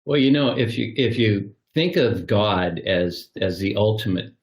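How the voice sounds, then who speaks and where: Older man with a low voice in a roomy space. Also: measured pace. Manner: storytelling, acts out little scenes. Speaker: guest. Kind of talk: reflective conversational advice. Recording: roomy echo.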